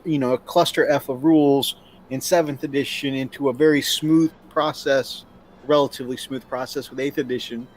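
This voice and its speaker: A man hosting a live-stream chat, talkative and upbeat, reading viewer comments aloud. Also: a little high. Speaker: host.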